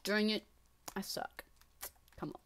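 A woman giving casual, excitable gameplay commentary, talking to herself and running herself down, swinging from muttering to shrieking. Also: takes it slowly. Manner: self-deprecating, talks to herself. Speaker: gaming channel host.

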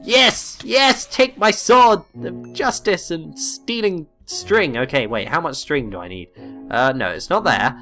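A man giving gameplay commentary, excitable, swearing and exclaiming often. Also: on the high side, unhurried, soft background music. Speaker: let's play gamer.

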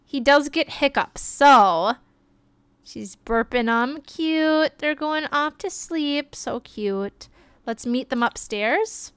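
A young woman streaming a life-simulation game, chatting excitedly and gushing over the characters as she plays. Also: sits high, very slow, smooth, no echo. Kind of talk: life-sim gameplay commentary.

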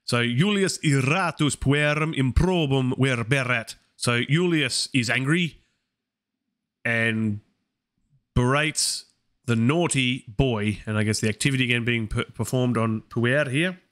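Hosting a live study stream, this Latin learner works through translations out loud, second-guessing himself along the way. His mid-range voice is unhurried and a little bright.

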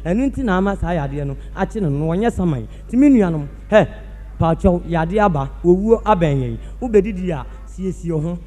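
A Ghanaian man with a high voice tells a comic story live on stage, acting out noises as he goes. The sound rings with the long echo of a big hall, and faint music plays underneath. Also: brisk. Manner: animated, acts out sounds with his voice. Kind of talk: live stage comedy monologue. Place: large theatre stage.

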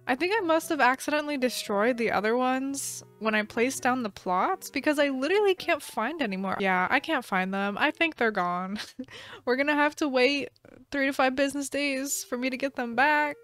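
Giggly young woman rambling through her game, kinda high voice, light music in the back. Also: normal speed, fairly bright tone. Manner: chatty and giggly, rambling asides, playfully scolds game characters. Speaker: gaming channel host. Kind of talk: casual gameplay commentary. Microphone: desk microphone.

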